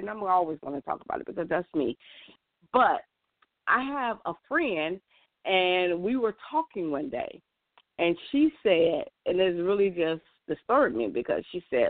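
A woman's voice: mid-range voice, animated, normal speed, no room sound. A woman in a casual monologue, earnest and emphatic, often restarting her sentences. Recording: tinny, dry phone-like sound.

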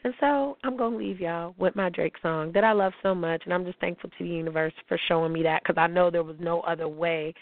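A woman's voice: lowish voice, fairly quick, few pauses, dry recording. A woman hosting a podcast, delivering a blunt, heated, profane monologue. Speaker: podcast host. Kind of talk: emotional monologue. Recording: tinny phone-like sound.

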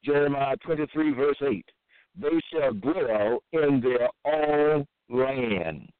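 A man's voice: mid-range voice, expressive, clean tone, dry recording. Man reading scripture over a tinny line. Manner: reads verses slowly with repeated asides. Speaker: preacher. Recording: tinny, phone-like dry audio.

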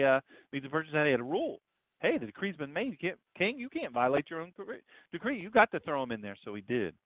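A man preaching a sermon in a conversational style, asking rhetorical questions and swinging between loud and hushed lines. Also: on the high side, no room sound. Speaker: pastor. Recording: tinny, phone-like dry recording.

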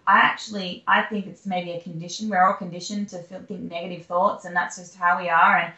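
A woman's voice: fairly low pitch, fairly even intonation, fairly quick, sharp tone, highs cut off. A young Australian woman telling her personal story candidly as an interview guest, rambling with fillers and restarts. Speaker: guest, singer-songwriter. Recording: echoey room.

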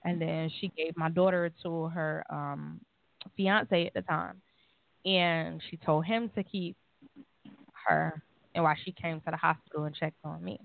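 A woman on a call-in talk show telling a personal story in an animated way, acting out the voices in it. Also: lowish voice, gravelly. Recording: phone-line call.

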